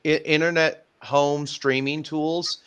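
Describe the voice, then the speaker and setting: A man chatting casually as a guest, often pausing to search for words. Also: a little high, level tone, a bit bright, a little hiss or hum. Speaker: streamer guest. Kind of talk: casual chat.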